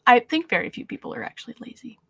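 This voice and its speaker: A woman co-hosting a casual chat, chiming in with quick supportive agreement. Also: sharp tone. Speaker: co-host.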